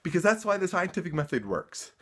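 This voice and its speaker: A man's voice: high voice, big pitch swings, a little fast. A man ranting to camera in a vlog, worked up and emphatic, sarcastic at times, tripping over and repeating words when heated. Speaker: vlogger.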